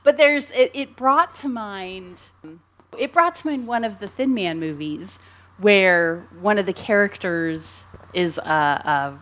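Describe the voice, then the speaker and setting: A woman's voice: fairly low pitch, fairly bright tone. A woman co-hosting a casual film discussion, chatty and rambling, giggling often between her points. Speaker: podcast co-host.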